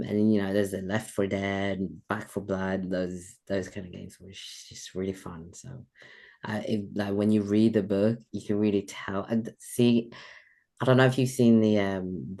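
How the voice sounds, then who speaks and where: A man in his thirties with a British-sounding accent, chatting as an author guest in a casual, rambling way, laughing often. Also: on the low side. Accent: British-sounding English. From Sweden. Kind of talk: casual podcast interview.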